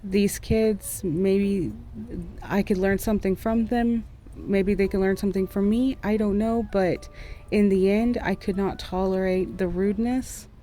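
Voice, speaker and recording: A young woman talks slowly and candidly in a casual art vlog, rambling through her frustrations in a mellow, warm voice. Her pitch sits in a middle range, and faint music plays underneath. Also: fairly even intonation. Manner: frank, rambling, frustrated venting. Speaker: art vlogger and former school teacher. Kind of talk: candid casual chat over drawing. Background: faint background music.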